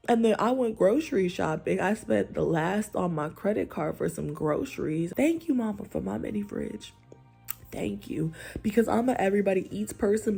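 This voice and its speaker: A woman's voice: mid-range voice, creaky, dark tone, breathy edge. A woman ranting in a vlog, blunt and exasperated, swearing freely. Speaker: vlogger.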